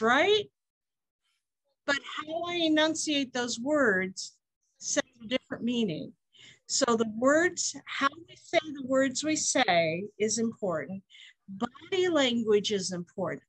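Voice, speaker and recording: A woman's voice: high voice, fairly bright tone, dry recording, rough recording. A woman leading a conference workshop on support groups, talking earnestly and asking the group questions. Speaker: workshop facilitator.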